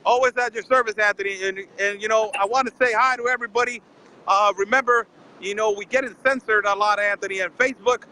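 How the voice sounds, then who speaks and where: High, bright-voiced indignant man. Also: fairly even intonation, fast talker, a little hiss or hum, rough recording. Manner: indignant, fires rhetorical questions, keeps addressing the host by name. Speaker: border correspondent calling in. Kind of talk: casual live-stream conversation.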